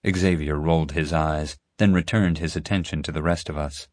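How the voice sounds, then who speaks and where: A man narrating a story in first person in a steady, measured way. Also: low voice, no echo, clean studio sound. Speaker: audiobook narrator.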